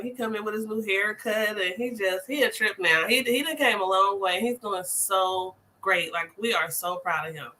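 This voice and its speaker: A young adult woman hosting a casual live chat, telling stories in an animated, slangy way with lots of fillers. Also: fairly high pitch, poor audio. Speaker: host, family home child care provider.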